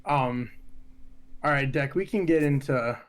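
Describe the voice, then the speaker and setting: Young man, mid-pitch, wisecracking co-host who keeps the show moving. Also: measured pace, clear, resonant tone. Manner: joking, steers the conversation. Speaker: podcast co-host. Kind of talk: casual banter.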